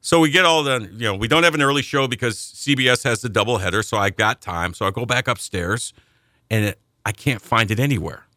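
A man co-hosting a sports radio show, telling stories in an animated way and acting out the voices in them. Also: medium pitch, fairly quick, no room sound, studio quality. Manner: animated storyteller, acts out shouting voices in anecdotes. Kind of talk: casual sports talk storytelling.

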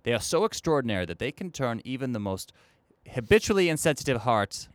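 A man's voice: mid-range voice, very animated, brisk, no echo, lightly acted. A man playing Abraham Lincoln on a comedy podcast, speaking in formal, old-fashioned, sermonizing sentences. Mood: solemn. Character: Abraham Lincoln, dead president back to banter, solemn preachy. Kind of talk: comedy podcast character bit.

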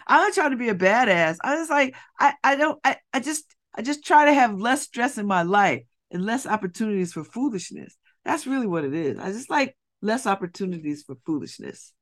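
Woman radio host, middle-aged, lively pitch, animated monologue. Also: moderate pace. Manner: animated, repetitive, laughing asides. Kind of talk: casual monologue. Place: radio studio.

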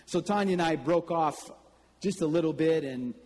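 A man preaching a sermon, telling stories in a slow, deliberate way and breaking into sudden loud calls. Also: a little high, slight background noise. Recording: long reverb with faint ambience.

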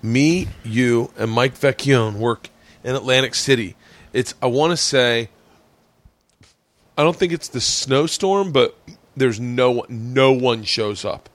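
A man's voice: mid-range voice, slow, no room sound. A middle-aged man from Florida hosting a podcast, telling stories in casual chat and acting out the people in them. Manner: animated, swearing, acts out quoted voices. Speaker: podcast host.

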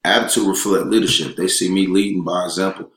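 A man with a very low voice talks casually as a guest, emphatic and streetwise. His words run on in bursts. The room around him rings with echo. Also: steady tone, fast talker, fairly bright tone. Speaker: elementary school teacher and interview guest. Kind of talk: casual chat. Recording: roomy echo.

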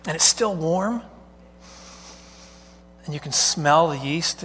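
Slow-paced and expressive, this male pastor's slightly high voice is bright and forceful, with a little background noise. He preaches conversationally in a church sanctuary, often asking the congregation questions, and the sound carries a long hall reverb.

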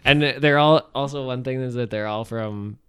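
A man guesting on a podcast, chatting easily about a movie and chiming in with quick agreements. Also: medium pitch, a bit bright, clear, resonant tone. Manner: easygoing, chiming in with short agreements. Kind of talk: casual movie-review chat.

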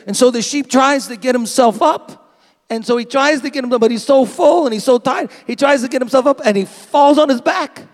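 A man preaching a sermon as pastor, dramatic and animated, now and then acting out a bleating sheep. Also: very high voice, normal speed, long reverb tail. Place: church sanctuary.

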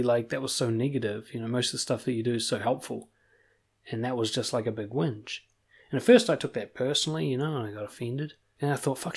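Blunt, swearing New man coaching. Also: mid-range voice. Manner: blunt, swears freely, animated emphasis. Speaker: confidence coach. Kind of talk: motivational monologue.

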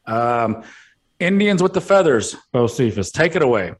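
Rambling, crude podcast co-host. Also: male voice, mid-range voice, sing-song, moderate pace. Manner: rambling, crude, laughs often, swears. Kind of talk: crude comedic podcast banter.

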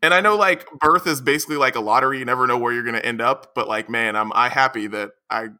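A man co-hosting a podcast in casual chat, animated and excitable, acting out what others say. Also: mid-range voice, fast. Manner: animated, excitable, laughs often, acts out quotes loudly. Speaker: podcast co-host.

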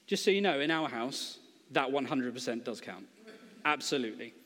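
A man's voice: medium pitch, expressive, moderate pace, fairly bright tone, long reverb tail. A man preaching a sermon in a conversational, humorous storytelling way, acting out quotes.

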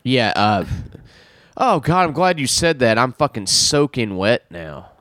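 A man's voice: mid-range voice, measured pace, no room sound, studio quality. A man, a comedian co-hosting a podcast, chatting casually with frequent swearing and jokes. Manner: profane, jokey, lively. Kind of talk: casual chat.

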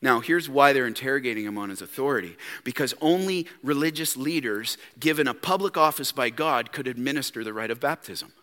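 A man preaching a sermon in a church, animated and full of rhetorical questions put straight to his listeners. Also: mid-range voice, brisk, hardly any pauses. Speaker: pastor. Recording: long church reverb.

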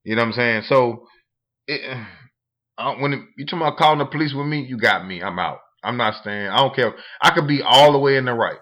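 A man's voice: mid-range voice, a little fast, sharp tone. A man co-hosting a podcast, chatting frankly and casually, repeating phrases for stress. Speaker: podcast co-host. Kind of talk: casual chat.

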